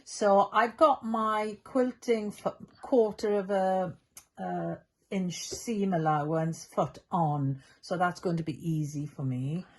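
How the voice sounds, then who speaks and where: A woman's voice: fairly low pitch, slow. A middle-aged woman giving a patient, step-by-step sewing demonstration as a quilting teacher. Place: sewing room at a machine.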